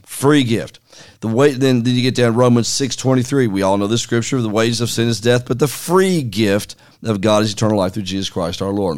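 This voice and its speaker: A man, a former pastor who co-hosts a podcast, chatting casually and quoting scripture. He talks emphatically and insistently, repeating his key words. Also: fairly low pitch.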